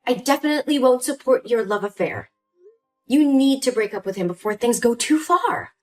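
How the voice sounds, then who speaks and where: Casting: a woman playing a pleading young daughter, high-pitched and very expressive, faint music behind. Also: normal speed, natural voice. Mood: upset. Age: young adult. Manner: pleading and indignant. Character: hurt young adult daughter, pleading and upset. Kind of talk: scripted story voice acting.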